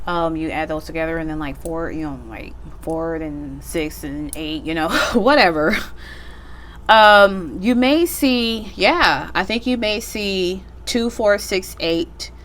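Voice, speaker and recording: A woman's voice: on the low side, slow pace, fairly bright tone, slight background noise. A woman giving a casual pick-a-card tarot reading, chatty and slangy, joking about herself and swearing offhandedly. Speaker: tarot reader.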